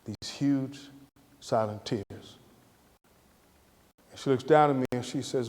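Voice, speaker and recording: A middle-aged man from Atlanta, giving a lively, conversational storytelling lecture. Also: medium pitch, slow pace, long pauses. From Atlanta, Georgia. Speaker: guest lecturer. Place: lecture hall. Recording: reverberant lecture hall.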